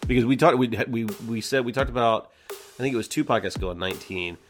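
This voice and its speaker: A man's voice: mid-range voice, quick pace, faint music behind. A man co-hosting a podcast in casual chat, rambling with many stammered restarts and easy laughs. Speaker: podcast co-host.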